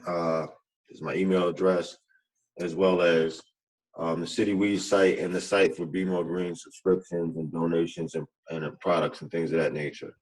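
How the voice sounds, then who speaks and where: A man giving a panel presentation on his community business, reflective and halting, in what he calls a monotone. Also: low-pitched, poor audio. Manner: halting, reflective, many fillers; self-described monotone.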